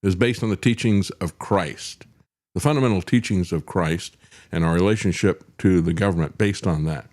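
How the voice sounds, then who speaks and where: Brief: middle-aged male commentary host, lowish voice, wry and sardonic, filler-heavy delivery into a studio mic. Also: normal speed, darkish tone. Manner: sardonic, chuckling asides, frequent "uh" fillers. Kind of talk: political commentary show.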